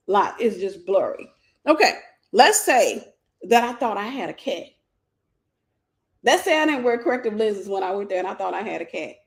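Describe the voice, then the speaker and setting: A woman teaching a faith-based life lesson in a conversational way, telling stories with playful asides and acted-out voices. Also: on the high side. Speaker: Christian teacher and mentor.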